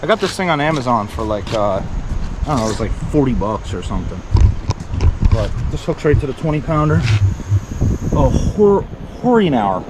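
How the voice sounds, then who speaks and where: A man's voice: on the low side, very animated, a little fast, background noise. A man talking casually to his camera outdoors by his truck, rambling with lots of fillers as he tells a story. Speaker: volunteer vlogger.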